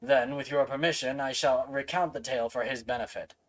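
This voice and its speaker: A man putting on a booming stately knight. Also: steady tone, close to an everyday voice, low-quality recording. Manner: formal, slow and booming. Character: loud, stately male knight commander. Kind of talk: reading game dialogue aloud with voices.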